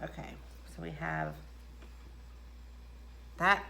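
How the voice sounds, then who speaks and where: A middle-aged woman talks through her makeup routine at home, rambling and poking fun at herself. Her voice is bright and forceful, a little low for a woman, with a faint hum of room noise behind her. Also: fairly even intonation, drawn-out words, gravelly. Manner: chatty, self-deprecating, rambling asides. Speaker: makeup vlogger. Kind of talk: casual makeup tutorial chat. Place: indoors at home.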